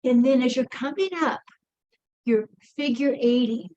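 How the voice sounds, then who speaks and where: A woman's voice: high-pitched, measured pace, a little mellow, no room sound, lo-fi sound. A woman teaching an energy routine, talking through each movement as she does it and a little out of breath. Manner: chatty, encouraging, narrates her own movements. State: slightly out of breath. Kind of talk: casual instructional demonstration.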